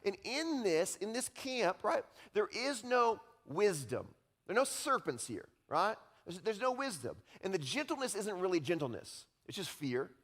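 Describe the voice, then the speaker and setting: A pastor delivers a sermon in a lively, conversational way, his voice sitting a little higher than most men's. He keeps checking in with his listeners and acts out the people he describes. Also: moderate pace. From Utah. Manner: conversational, animated, often tags lines with "right?".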